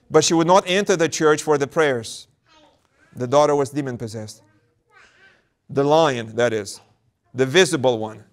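A man's voice: fairly high pitch, normal speed. A man, an Orthodox priest, delivering a sermon and often repeating words as he works through a thought.

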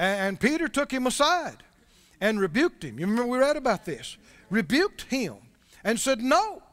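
A man with a very high voice preaches a sermon, asking his listeners questions as he reads aloud. His voice rings with the long reverb of a church hall. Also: a bit bright. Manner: conversational preaching, asks the congregation questions. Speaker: pastor.

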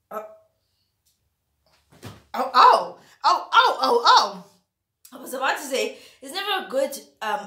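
Woman vlogging while she eats, dramatic and chatty, bright voice, echoey room. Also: a little high. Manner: theatrical, animated, chatty. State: mouth full, eating spicy food. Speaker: YouTuber. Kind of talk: casual eating vlog chat.

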